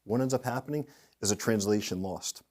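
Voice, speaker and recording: A middle-aged man with a fairly low voice talks as an interview guest. He tells lively anecdotes and slips into the voices of the people he quotes. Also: fairly quick. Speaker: guest speaker, industry consultant. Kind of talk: storytelling in a podcast interview.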